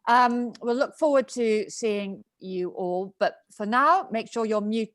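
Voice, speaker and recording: A woman's voice: medium pitch, a little slow, darkish tone. A British woman hosting an online event, chatty and loose, over a video call. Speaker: event host.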